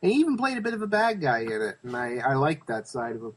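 A man's voice: mid-range voice, very animated, quick pace. Swearing, enthusiastic podcast guy. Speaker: podcast co-host. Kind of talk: casual chat.

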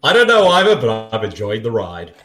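A man's voice: fairly low pitch, wildly swooping pitch, a little fast, a bit bright. A man co-hosting a casual movie commentary, joking and laughing often. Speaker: podcast co-host watching a film. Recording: roomy echo.

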